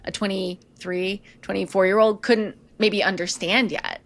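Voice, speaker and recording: A woman's voice: mid-range voice, fairly even intonation, measured pace. A woman co-hosting a podcast speaks conversationally, thinking aloud in a reflective way and restarting her sentences as she goes. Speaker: podcast co-host.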